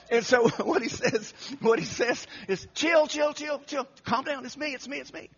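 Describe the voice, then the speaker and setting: A man preaching an animated sermon, telling the story dramatically and acting out the quotes with frequent laughter. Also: very high voice, a little slow, breathy edge. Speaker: pastor. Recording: muffled lo-fi recording.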